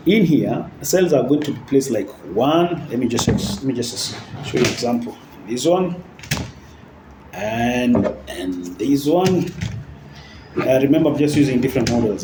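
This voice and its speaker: A hybrid battery technician demonstrating cells to viewers and checking in often with "okay?". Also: male voice, medium pitch, roomy sound, background noise. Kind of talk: hands-on explanatory demonstration.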